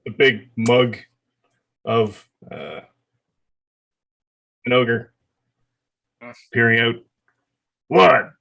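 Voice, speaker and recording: A man narrating as dungeon master in a tabletop game, with halting, filler-heavy delivery. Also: mid-range voice, level tone, sharp tone.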